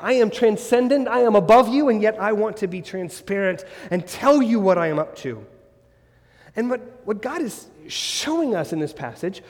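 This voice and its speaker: A man's voice: high-pitched, a little mellow. A man preaching a sermon as the church's pastor, earnest and building his points through strings of rhetorical questions. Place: church sanctuary. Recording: long reverb of a church hall.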